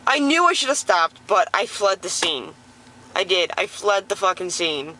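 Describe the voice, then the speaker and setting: A young woman in a car, telling a story casually in an excited, profane, rambling way with many restarts. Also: mid-range voice, moderate pace, rough recording. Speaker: vlogger. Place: inside a car while driving.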